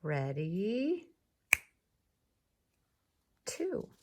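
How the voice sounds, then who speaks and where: A woman teacher giving a recorded lesson to young children, patient and encouraging, repeating each word slowly so they can clap along. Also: mid-range voice, huge pitch swings, background noise. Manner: slow, patient, encouraging, repeats words for clapping.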